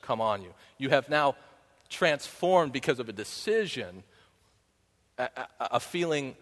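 A man's voice: mid-range voice, sing-song, a little slow, a bit bright. A man giving a conversational sermon as a pastor, often asking the congregation "right?" and breaking into bits of song. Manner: conversational, keeps asking "right?", sings snatches of songs. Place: church sanctuary. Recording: long hall reverb.

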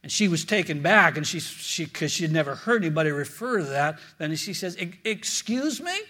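A man preaching a sermon as a pastor, earnest and storytelling, often repeating words and dropping low and quiet for prayers. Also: a little fast.

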